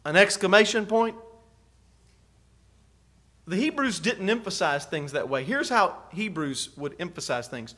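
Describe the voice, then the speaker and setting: A pastor preaches in a fairly high voice. He drops to near-quiet, then rises to loud emphasis, and keeps putting questions to his listeners. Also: expressive, a little slow, long pauses. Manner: preacher's rhetorical questions, swings from soft to loud. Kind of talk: sermon.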